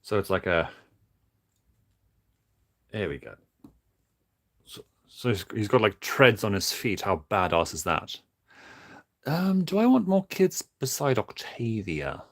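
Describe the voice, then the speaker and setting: A man streaming casually while building toys, talking in a flat, monotone way with many halting restarts. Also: on the low side. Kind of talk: casual livestream chat.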